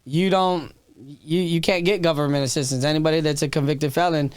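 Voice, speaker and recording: A man with a smooth, resonant voice pitched a little above the usual, recorded dry and close. He tells his story candidly and with feeling, swears freely, and often restarts his sentences. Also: fairly even intonation, brisk, no room sound. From Texas. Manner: raw and emotional, swears freely, frequent restarts. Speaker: podcast guest, comedian.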